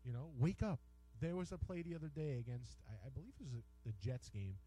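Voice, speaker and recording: Brief: American male co-host, warm mellow tone, halting hockey talk with lots of restarts. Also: mid-range voice, lively intonation, husky, low-quality recording. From United States. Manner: hesitant, repeats words, ribs his partner. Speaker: sports radio co-host. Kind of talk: casual bantering sports talk. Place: radio studio.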